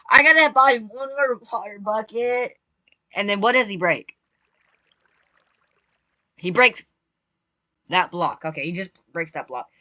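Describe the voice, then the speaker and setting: An excitable gaming creator giving live gameplay commentary, chatty and repetitive, constantly talking to viewers and bursting into shrieks when startled. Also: medium pitch, dry recording. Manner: repetitive, chatty, playful slang.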